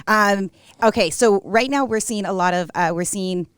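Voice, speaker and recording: A woman with a mid-range voice hosts an interview and asks her questions in a relaxed, conversational way. She keeps up short murmurs of agreement while her guest speaks. The sound is close and dry. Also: mid-range voice, normal speed, clean tone, dry recording. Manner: brief affirming back-channels. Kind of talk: casual interview.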